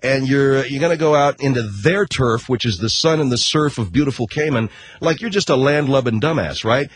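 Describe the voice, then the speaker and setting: Husky middle-aged man ranting sarcastically. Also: mid-range voice, moderate pace. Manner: rambling, sarcastic, swears casually, self-interrupting. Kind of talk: comedic rant monologue.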